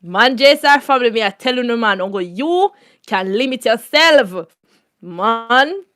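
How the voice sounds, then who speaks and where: A woman's voice: fairly high pitch, animated, measured pace, fairly bright tone. A woman with a Jamaican accent hosting a casual storytime vlog, laughing often and repeating catchphrases in patois. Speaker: YouTube host.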